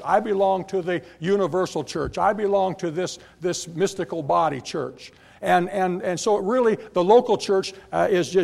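A man's voice: high-pitched, gravelly, a little mellow. A male pastor preaching a sermon in a church, emphatic and repetitive, often restarting his words. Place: church sanctuary.

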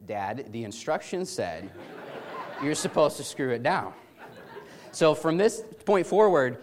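A man casually telling an amused personal anecdote with many restarts. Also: a little high. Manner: chatty, amused, frequent restarts. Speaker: storyteller.

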